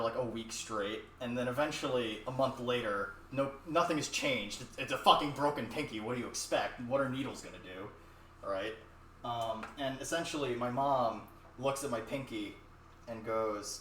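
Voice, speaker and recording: A man's voice: mid-range voice, normal speed, fairly bright tone. A young man streaming while he cooks in his home kitchen, chatting casually in a rambling, profane way, picked up by a distant mic. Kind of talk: casual cooking stream chat. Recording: echoey room, distant mic, faint noise.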